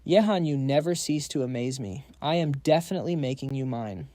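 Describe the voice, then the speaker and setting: A man's voice: mid-range voice, lively intonation, fairly quick, warm tone, no room sound, lightly acted. A man voicing a firm, confident woman squad leader in a comic recap.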